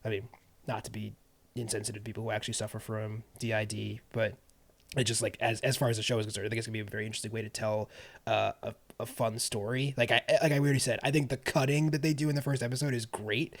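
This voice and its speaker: A young man co-hosting a casual film and TV podcast, animated and quick to laugh, with frequent restarts. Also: lowish voice, creaky. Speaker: podcast co-host. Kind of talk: casual chat.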